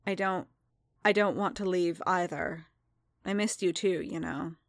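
A woman reading as a quiet, steady male bounty hunter. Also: fairly low pitch, a little slow, dry recording, studio quality.

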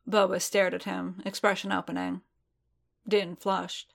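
A woman reading story narration aloud in an even, steady manner. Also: fairly low pitch, a little slow, gravelly. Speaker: reader. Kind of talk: audiobook narration of fan fiction.

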